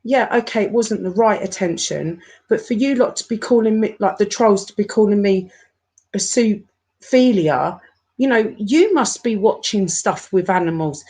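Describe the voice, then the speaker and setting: A woman's voice: medium pitch, animated, darkish tone. Upset woman in her forties ranting. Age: 40s. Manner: upset, halting, repeats herself. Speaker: YouTuber. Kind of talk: emotional live-stream rant.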